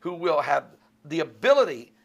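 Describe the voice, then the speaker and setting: A man giving fervent religious commentary in a vlog, emphatic and exhorting, often climbing into loud outbursts. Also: a little high, sing-song, normal speed, dull audio.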